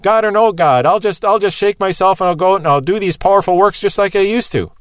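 A man's voice: high-pitched, a little fast, smooth, no room sound, pitched above the performer's own voice, natural voice. A boastful strongman , as a man plays him, shrugs off his loss with brash self-assurance. His voice sits raised and confident. The sound is close and dry. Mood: cocky. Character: boastful strongman, careless and overconfident.

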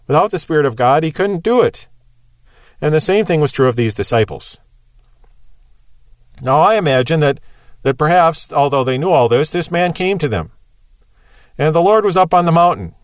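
A man's voice: on the high side, lively intonation, moderate pace, long pauses, dry recording. A man preaching a sermon in a conversational, explanatory way, asking rhetorical questions.

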